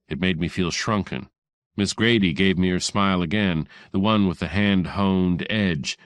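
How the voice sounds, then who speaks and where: Male audiobook reader, very low voice, dry close recording, hardboiled first-person narration. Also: dry recording.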